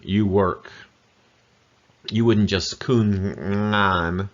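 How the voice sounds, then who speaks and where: A man teaching pronunciation in a video lesson, patiently repeating syllables slowly. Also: sits low, fairly even intonation. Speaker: language teacher. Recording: muffled lo-fi audio.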